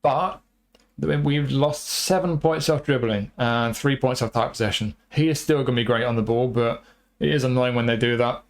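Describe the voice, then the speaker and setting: A man's voice: medium pitch, moderate pace. A man casually reviewing football game player cards, rambling and repeating himself with lots of fillers. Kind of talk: casual commentary over gameplay.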